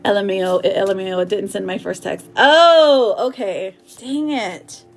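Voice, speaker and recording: A woman's voice: mid-range voice, normal speed, faint music behind. A woman giving a live-streamed tarot reading, chatty and affectionate, often giggling as she reads viewer comments aloud. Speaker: tarot reader.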